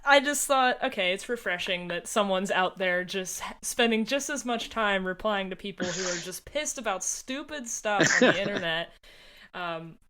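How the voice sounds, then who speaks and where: A woman's voice: mid-range voice, animated, normal speed, hardly any pauses, fairly bright tone. A woman hosting a podcast, interviewing a guest in a chatty, teasing manner with frequent laughter. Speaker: podcast host. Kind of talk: interview chat.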